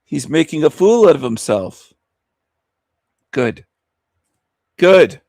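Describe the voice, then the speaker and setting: A man's voice: a little high, big pitch swings, takes it slowly, creaky, dark tone, no room sound, studio quality. A man hosting a show, mocking a video he is watching in a scornful, insulting rant. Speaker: host reacting to a video. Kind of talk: mocking live commentary.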